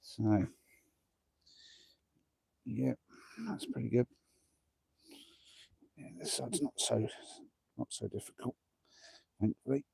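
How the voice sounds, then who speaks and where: A man's voice: medium pitch, slow, vocal fry, pauses often, dark tone, husky, dry recording. A man live-streaming a camping vlog outdoors at night, chatty and self-deprecating, talking through each task and huffing from the effort. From England. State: huffing from exertion. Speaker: camping vlogger.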